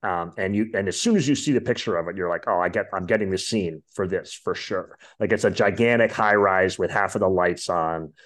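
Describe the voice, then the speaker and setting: A man's voice: deep voice, fairly quick, few pauses, fairly bright tone. A man hosting a podcast, chatting casually about music in a rambling way with lots of fillers. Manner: rambling, many fillers and asides. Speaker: podcast host.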